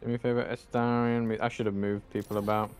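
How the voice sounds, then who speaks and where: A man's voice: on the low side, flat delivery. Sweary man playing a video game. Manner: blunt, sweary, quick to anger and laugh it off. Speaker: gameplay streamer. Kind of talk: casual swearing game commentary.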